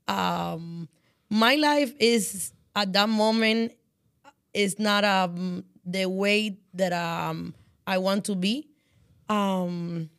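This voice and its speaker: A woman podcast guest with a heavy Cuban Spanish accent, a native Spanish speaker talking in halting, broken English with many pauses. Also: medium pitch, no echo, clean studio sound. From Cuba. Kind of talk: casual chat.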